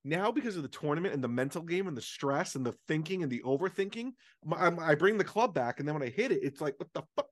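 A man's voice: on the high side, fast talker, hardly any pauses. A man co-hosting a podcast in casual chat, telling stories in a swearing, self-deprecating ramble. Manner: profane, animated storytelling with self-deprecating rants. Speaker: podcast co-host.

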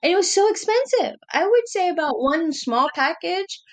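A woman's voice: extremely high pitch, big pitch swings, normal speed. A woman in her thirties, a podcast co-host, in casual conversational chat with laughing asides.

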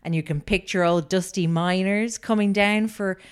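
A woman's voice: medium pitch, steady tone, normal speed, smooth. A woman co-hosting a podcast, telling a story in a rambling casual way with many fillers. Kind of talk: casual chat.

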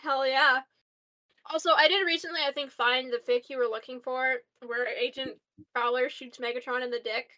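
Female co-host, high and sharp voice, playful and profane. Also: fairly even intonation, normal speed. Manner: loud, swears freely, jokey. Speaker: podcast co-host. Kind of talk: casual chat.

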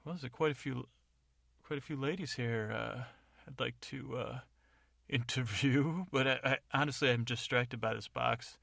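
A man's voice: mid-range voice, a little slow, gravelly, fairly bright tone, no room sound, clean studio sound. A man voicing a curious, pushy old-time sidekick who keeps asking about a box. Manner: nosy, distracted.

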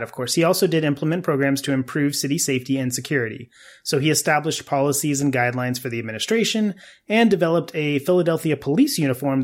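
A man hosting a podcast, telling a history story casually with asides to his co-hosts. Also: on the high side.

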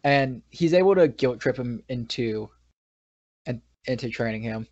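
In a mid-range, darkish voice with lively intonation, a New York podcast co-host takes his time recapping a film, circling back and restarting as sentences trail away in casual chat. The sound is dry, dull, and lo-fi.

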